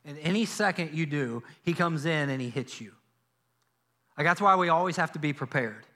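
A male pastor preaching a sermon in a church, telling a Bible story in a lively way and acting out the characters' lines. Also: a little high, normal speed. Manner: animated storytelling, acts out biblical dialogue. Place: church sanctuary.

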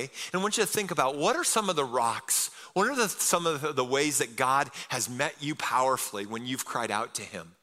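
A pastor preaching a sermon in an energetic, casual way, often asking the congregation "amen?". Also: male voice, a little high, big-room sound.

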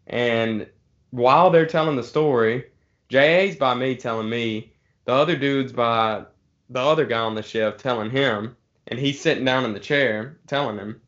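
A man's voice: medium pitch, fairly bright tone, highs cut off. A man telling a rambling story to friends in a casual, swearing way. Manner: laid-back, swearing, drawn-out pauses.

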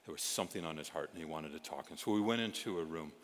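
A middle-aged male pastor telling stories in a sermon, animated, moving from loud exclamations to hushed asides. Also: extremely low pitch, quick pace, a little hiss or hum. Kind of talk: storytelling sermon. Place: church sanctuary. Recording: reverberant hall sound.

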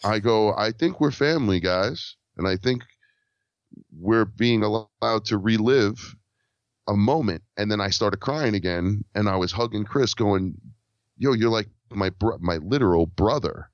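A man's voice: fairly low pitch, unhurried, dry recording. A man telling a story in casual conversation as a podcast guest, acting out the lines of the people in it. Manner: animated, acts out quoted dialogue. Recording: dull lo-fi dry recording.

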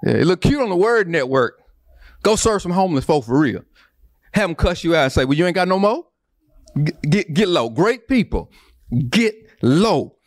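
A man's voice: sits high, big pitch swings, normal speed, no echo, clean studio sound. A man preaching a sermon, repeating phrases and building emphasis. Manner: preaching with repetition and rising emphasis. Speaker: pastor.

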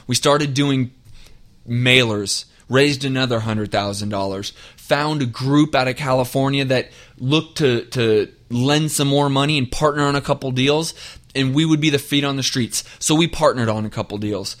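A man hosting a podcast, talking straight to listeners in a direct, energetic coaching tone and driving his points home by repeating them. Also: mid-range voice. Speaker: podcast host. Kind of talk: motivational podcast monologue.

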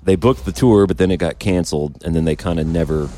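Podcast host: man, low voice, rapid joking banter. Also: mellow, a little hiss or hum. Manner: joking, laughs easily. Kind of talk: casual chat. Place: green room next to a stage.

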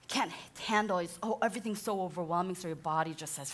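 A woman in her thirties giving a sermon-style teaching talk as a counselor, animated and acting out the voices she quotes, often laughing. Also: on the low side, fast. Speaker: speaker, counselor.

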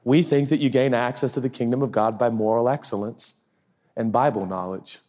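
A male pastor giving a sermon, animated and joking, with rhetorical questions. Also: mid-range voice, brisk.

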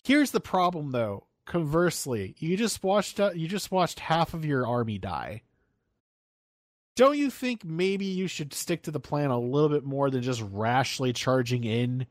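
Animated, swearing young man ranting. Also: a little high, measured pace, no echo, studio quality. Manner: animated, profane, ranting with mock quotes. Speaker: podcast co-host. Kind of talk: casual TV recap chat.

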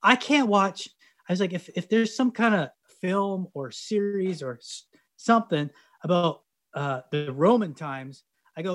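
A Canadian man with a noticeably high voice for a man talks loosely as a guest. He is animated, trips over his own openings and laughs into his points. The tone is casual and unscripted. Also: a little slow. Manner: animated, restarts often, chuckles through points. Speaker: guest, cast member of a sitcom. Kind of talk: casual conversation.

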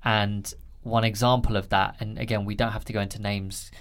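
Lowish male podcast host. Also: little pitch movement, brisk, fairly bright tone. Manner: earnest, builds long winding questions. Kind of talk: interview questions.

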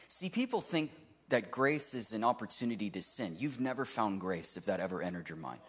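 A man in his thirties preaching a sermon to a live congregation, swinging from loud to hushed. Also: mid-range voice, husky, big-room sound. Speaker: pastor. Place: church hall with live audience.

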